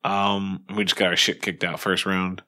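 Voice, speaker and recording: A man's voice: deep voice, monotone, normal speed, sharp tone. A man hosting a podcast, telling stories in casual chat, swearing and laughing often. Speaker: podcast host.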